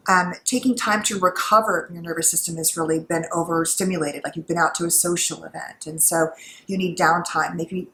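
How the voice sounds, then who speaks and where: A woman's voice: on the low side, slight background noise. Woman psychologist chatting in an echoey kitchen. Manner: conversational, gently instructive, many fillers. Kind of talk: casual advice talk while cooking. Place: home kitchen.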